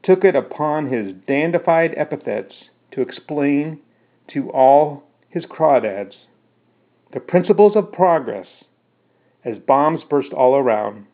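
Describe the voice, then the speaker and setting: A man's voice: a little high, slow pace. Man reading his story over a phone-like line. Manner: steady narration, then casual explanation with fillers. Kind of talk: first-person story narration. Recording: narrow phone-like sound.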